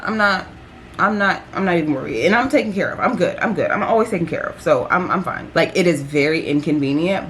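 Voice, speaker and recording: A young woman vlogging, telling a story in a chatty, animated way with lots of fillers. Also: lowish voice, slight background noise. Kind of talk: casual storytelling vlog.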